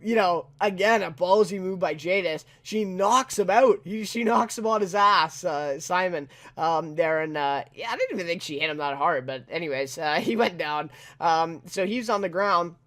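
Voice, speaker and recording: A man with a fairly high voice talks through a TV episode review in a loose, off-the-cuff way. He leans on fillers and keeps tacking questions onto the ends of his sentences. He chuckles as he goes. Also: moderate pace, hardly any pauses, a bit bright. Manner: rambling, heavy on fillers and tag questions; chuckles often while talking. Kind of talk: casual spoken review.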